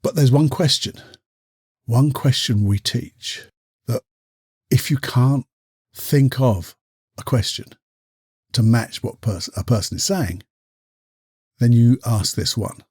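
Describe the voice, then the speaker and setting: Husky-voiced man musing chattily. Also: medium pitch, slow pace, pauses often, a little mellow, no echo, studio quality. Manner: chatty, acts out quoted people, asks rhetorical questions. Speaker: podcast host and coach. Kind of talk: casual solo monologue.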